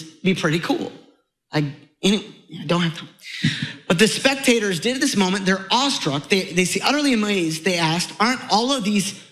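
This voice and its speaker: Guy preaching in church, high voice, chatty and animated, keeps jumping up in pitch. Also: low-quality recording. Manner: animated, conversational preaching with sudden rises in pitch. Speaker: pastor. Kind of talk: sermon.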